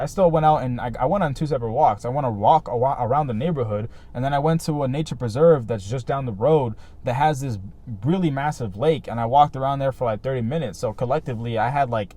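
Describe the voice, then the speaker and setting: An earnest man vlogging in a loose, rambling way, leaning on "like" and "right?" as he thinks aloud. His voice sits at an ordinary middle pitch, and his talk stays casual and sincere. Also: a little mellow. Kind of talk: casual reflective talk to camera.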